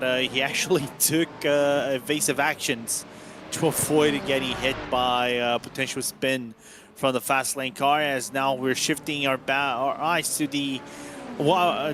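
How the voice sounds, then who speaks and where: A man giving casual color commentary on a race, halting and hesitant, often searching for his words. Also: medium pitch, background noise.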